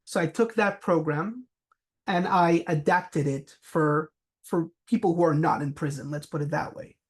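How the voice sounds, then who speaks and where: A man's voice: fairly high pitch, unhurried. A man giving a business talk, telling anecdotes with frequent fillers. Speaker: presenter.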